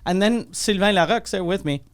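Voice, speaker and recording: A man's voice: high-pitched, a little fast, clear, resonant tone. A middle-aged man hosting a podcast, telling profane stories in casual chat and acting out the people he quotes. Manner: profane animated storyteller, acts out quotes. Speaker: podcast host.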